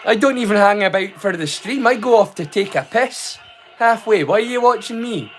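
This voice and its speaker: A man's voice: high voice, animated, fairly bright tone, faint music behind. Sweary Scottish man rambling on stream. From Scotland. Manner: rambling, sweary, quick to laugh. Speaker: livestream host. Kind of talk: casual chat.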